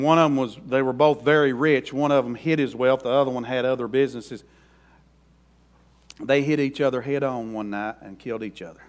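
A man's voice: on the high side, fairly bright tone. A middle-aged man preaching a sermon in a folksy, emphatic way as pastor.

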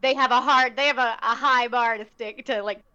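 Higher-voiced woman on a dull, lo-fi recording. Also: fairly even intonation, a little fast, pushed and bright. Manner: reflective, searching for words with many fillers. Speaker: guest, theater director and actor. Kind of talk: casual conversation. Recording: dull lo-fi sound.

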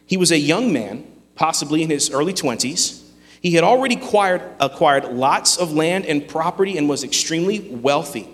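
Male pastor, preaching, emphatic with pauses; slightly high voice, long hall reverb. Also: lively intonation. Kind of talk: sermon.

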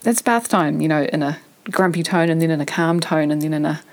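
Frank, low-voiced woman podcaster. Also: flat delivery, fast. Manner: frank, self-reflective, thinking aloud. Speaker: podcast host. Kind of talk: candid personal monologue.

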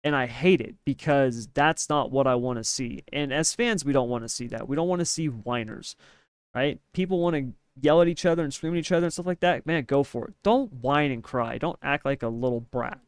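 A man's voice: mid-range voice, a little fast, smooth, no echo, clean studio sound. A man co-hosting a podcast in casual opinion chat, emphatic and ranting, often tagging his points with "right?". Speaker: podcast co-host.

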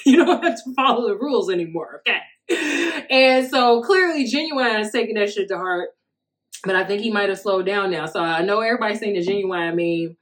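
A woman in her thirties with a mid-range voice, talking through a loose solo podcast monologue. She is blunt and swears freely. She laughs often as she tells stories. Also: mid-range voice. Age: 30s. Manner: profane, candid, laughing storyteller. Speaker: podcast host.

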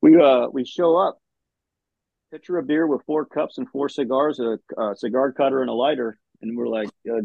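A veteran man spins profane, animated stories about his old band days, his voice gravelly and a bit husky. He sits slightly high in pitch for a man. The call audio is dull and dry. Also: moderate pace, dry recording. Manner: animated, profane, laughing storyteller. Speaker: veteran guest. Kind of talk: casual storytelling.

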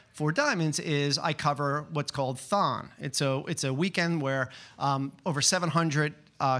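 At a live open-mic event, a man tells a personal story in a chatty, excitable way, packed with fillers and restarts. His voice sits on the high side.

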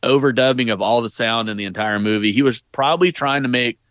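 A man's voice: medium pitch, fast talker, a bit bright, no room sound, clean studio sound. A man casually chatting about a movie as a podcast co-host, easygoing and agreeable. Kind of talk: casual movie recap chat.

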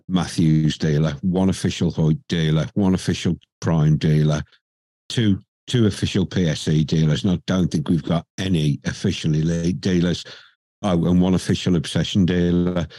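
A man's voice: deep voice, fairly even intonation, normal speed, dark tone, no echo. A man from the UK in a casual podcast chat, blunt and crude in his humor.

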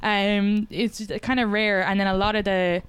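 A woman from Ireland with a Kildare Irish accent, a comedian chatting on a podcast and telling stories with quick asides. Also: medium pitch, little pitch movement, smooth, no room sound. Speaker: comedian guest. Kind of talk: casual podcast chat.

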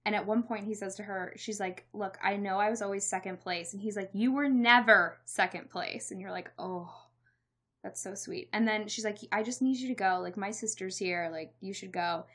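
A young woman chatting casually and recapping a story with animated energy. She acts out other people's lines as she goes and laughs often, with plenty of "like" filling her speech. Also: medium pitch, a little fast, few pauses. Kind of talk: casual chat recapping a movie.

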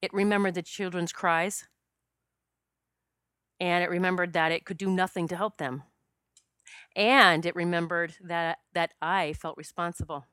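A woman recounting a personal story as a past life regression specialist, speaking earnestly with frequent fillers and restarts. Her voice sits a little low and sounds smooth and resonant. The recording is dry and close, and she is at times choked up. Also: fairly even intonation, measured pace, pauses often, fairly bright tone, no echo.

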